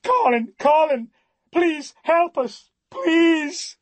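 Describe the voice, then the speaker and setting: A man's voice: big pitch swings, very slow, dry recording, heavily acted. A man voicing a distraught woman, screaming and pleading frantically for her husband. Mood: frantic. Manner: high frantic shrieks and pleas.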